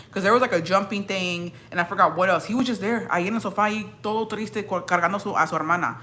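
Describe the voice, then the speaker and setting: In a mid-range, slightly bright voice, a young Mexican-American woman streams at a quick clip with hardly any pauses. She chats bluntly and profanely with her viewers, mixing Spanish into her accented English.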